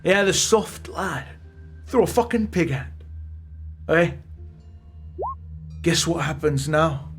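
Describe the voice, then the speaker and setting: A man voicing a cocky female sailor who taunts slowly. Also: on the high side, lively intonation, fairly bright tone, breathy edge, soft background music, exaggerated voice. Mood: taunting. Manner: slow, taunting.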